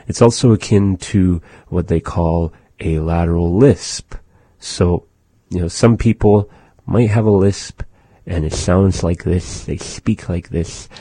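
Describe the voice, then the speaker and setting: A man teaching his people's language, going slowly and patiently, with many pauses, and repeating words for practice. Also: low-pitched, dark tone, husky, no room sound. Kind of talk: pronunciation lesson.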